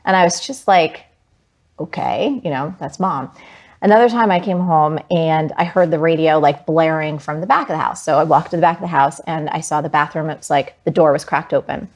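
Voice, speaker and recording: Her voice is low-pitched and fairly quick, with hardly any pauses, as this forties-aged New Jersey woman shares a personal story during an interview. She tells it vividly and animatedly, peppered with "like."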